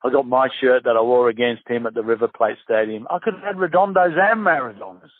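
An Australian former footballer in his fifties tells stories during a casual interview, lively and acting out the voices in them. He speaks fast at a medium pitch, and the sound is tinny, phone-like and dry with no echo.

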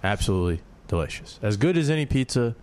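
A man's voice: on the low side, big pitch swings, fast, darkish tone. A young man co-hosting a casual radio show, rambling with many fillers. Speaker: radio co-host.

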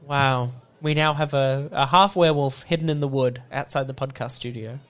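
Bright comedy co-host. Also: male voice, medium pitch, steady tone, normal speed, clear, resonant tone. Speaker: podcast co-host. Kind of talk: improvised comedy podcast.

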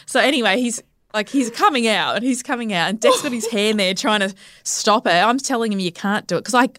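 Woman, thirties, animated storyteller guest, dry close mic. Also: fairly high pitch, a little fast, dry recording. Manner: vivid, breathless retelling that acts out quotes. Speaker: podcast guest. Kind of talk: casual storytelling interview. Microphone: studio podcast microphone.

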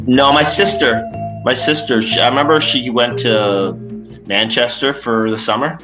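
A man's voice: medium pitch, normal speed, music in the background. A man co-hosting a podcast, telling a joking story in a casual chat. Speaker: podcast co-host.

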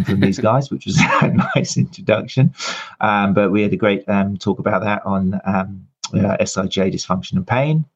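A man with a low, husky voice hosts a live podcast and rambles warmly through the introduction with plenty of ums. The sound is dull and lo-fi, like a streamed call. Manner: chatty, rambling, many fillers. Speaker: podcast host. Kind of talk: casual live-show introduction and interview.

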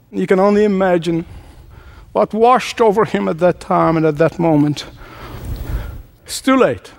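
A man's voice: high-pitched, a little slow, gravelly, long pauses. A man preacher giving a sermon, emphatic, repeating key phrases and laughing often.

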